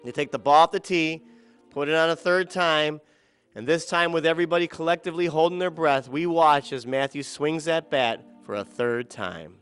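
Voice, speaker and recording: A middle-aged man telling a personal story about a children's ball game, dramatic and quoting others in softer or louder voices. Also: a little high, moderate pace, smooth, faint music behind.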